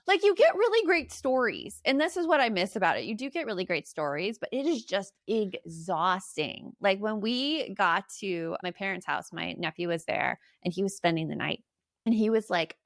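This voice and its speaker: A middle-aged woman, a podcast guest and parenting author, chatting casually and telling animated stories, laughing often and acting out quotes. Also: mid-range voice, moderate pace, no room sound, clean studio sound.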